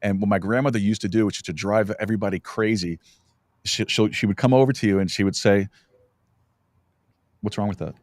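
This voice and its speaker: A middle-aged man hosts a relaxed podcast chat with a fairly low voice. He tells stories in a meandering way, stumbling through restarts as he goes. The studio sound is dry and close. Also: no room sound. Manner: rambling, halting storyteller with many restarts. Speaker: podcast host. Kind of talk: casual chat.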